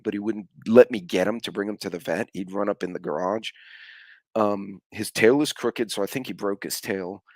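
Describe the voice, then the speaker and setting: A man's voice: fairly low pitch, dry recording. A middle-aged man, hosting a casual live stream chat and telling rambling stories with offhand swearing.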